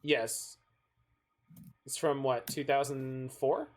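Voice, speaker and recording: A man's voice: mid-range voice, fairly even intonation, takes it slowly. A man from Canada chatting casually while he plays a card game on stream and thinks aloud. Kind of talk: casual gameplay chat.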